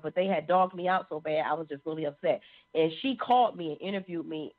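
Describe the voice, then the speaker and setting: A woman sharing a personal testimony in an animated storytelling manner. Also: low-pitched, fast talker. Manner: animated, acts out quoted voices. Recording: phone-like narrow sound.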